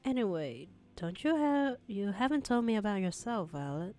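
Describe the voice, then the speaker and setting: A woman's voice: medium pitch, very animated, moderate pace, few pauses, a little mellow, faint music behind. A young woman doing voice acting practice, reading her heroine's lines in a dry, sarcastic, casual way. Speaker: hobby voice actor reading a romance script.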